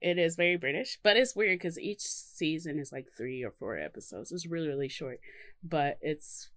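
A woman co-hosting a casual chat podcast, relaxed and quick to laugh. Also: sits low, no room sound. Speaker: podcast co-host.

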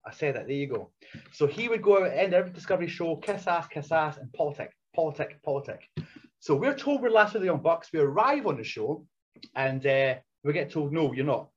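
A man in his thirties, a professional wrestler, telling anecdotes in a casual interview, animated and blunt with frequent laughter. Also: on the high side, brisk, slight background noise. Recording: dull lo-fi recording.

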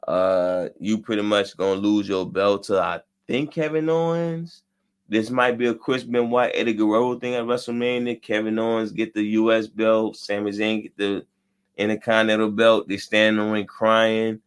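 A man's voice: lowish voice, smooth. A man co-hosting a casual wrestling podcast, talking bluntly with slang and profanity. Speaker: podcast co-host.

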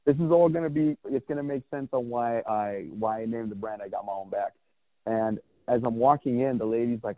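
A man's voice: medium pitch, fairly even intonation, fast talker, dry recording. Man in his thirties, candid storyteller, rambling with restarts, tinny phone-like sound, dry. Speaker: guest, clothing brand founder. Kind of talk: casual personal storytelling.

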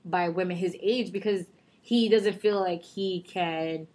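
A woman's voice: fairly low pitch, measured pace, a little mellow. A woman in her thirties chatting casually, telling stories in slangy talk and acting out quoted lines. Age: 30s. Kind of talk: casual chat.

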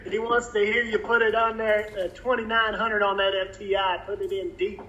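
A man's voice: high voice, little pitch movement, brisk, sharp tone, lo-fi sound, a little hiss or hum. A man co-hosting a live drag racing stream, reading viewer comments in a loose, chatty way. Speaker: livestream co-host. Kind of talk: casual live show chat.

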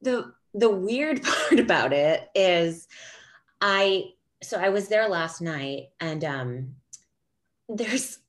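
Woman, casual chat, expressive storyteller with lively swings in pitch, frequent laughs and cursing. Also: takes it slowly. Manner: animated storytelling, swearing, laughing often.

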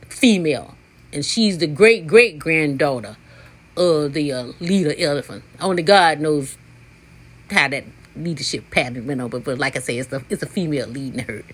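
A woman in her sixties runs a solo podcast as a rambling, unscripted chat. Her voice is bright and cutting, and she swears bluntly as she wanders between subjects. She often shoots up in pitch for emphasis. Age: 60s. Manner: sudden jumps up in pitch for emphasis. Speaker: podcast host. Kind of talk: casual rambling monologue.

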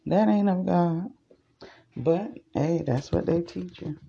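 A woman's voice: fairly low pitch, takes it slowly, gravelly, dark tone, slightly rough, dull audio. A woman hosting a podcast, rambling in a chatty, casual way as she speaks straight to her listeners. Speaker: podcast host. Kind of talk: casual spiritual monologue.

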